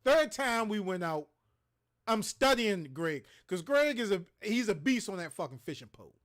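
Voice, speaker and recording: A man's voice: high-pitched, sing-song, moderate pace, a bit bright. A man hosting a livestream, ranting in a heated, profane, preachy way. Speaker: show host. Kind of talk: impassioned livestream rant.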